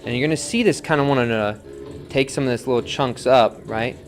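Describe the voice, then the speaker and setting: A man's voice: mid-range voice, a little fast. Laid-back man teaching pottery live. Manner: relaxed, chatty, reads viewer comments, counts aloud softly. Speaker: potter demonstrating on the wheel. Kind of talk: live-streamed pottery demo, casual teaching. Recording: faint music in background.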